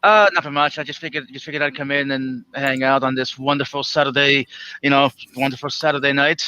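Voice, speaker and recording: A man's voice: medium pitch, flat delivery, bright, forceful tone, clean tone, no room sound, highs cut off. A man with a nasal voice, a livestream guest chatting casually over a video call, full of fillers and restarts. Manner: halting, many restarts and fillers. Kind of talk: casual chat.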